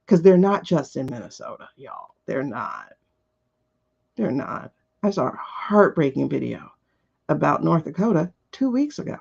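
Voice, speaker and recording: Fiery woman with a gravelly, lively voice. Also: lowish voice, normal speed. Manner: fiery, repetitive rhetorical questions, blunt and profane. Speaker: host of a live tarot show. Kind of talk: casual opinionated talk on a livestream. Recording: dull lo-fi livestream audio.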